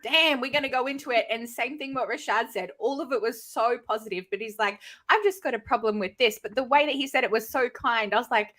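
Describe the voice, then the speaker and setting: A woman chatting on a livestream, animated and quick to laugh, swearing freely. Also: fairly high pitch. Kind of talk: casual livestream chat.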